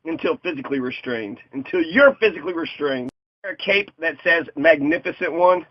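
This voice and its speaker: A man's voice: on the high side, animated, a little fast, no room sound. Young man riffing jokes over a list. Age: young adult. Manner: joking, riffing, laughs often. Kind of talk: reading a list aloud with comic riffs. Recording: dull lo-fi dry recording.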